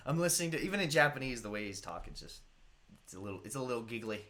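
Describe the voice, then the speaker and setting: A man's voice: medium pitch, sing-song, very fast, fairly bright tone. A young man hosting a live stream, chatting casually and greeting viewers by name in a rambling way. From United States.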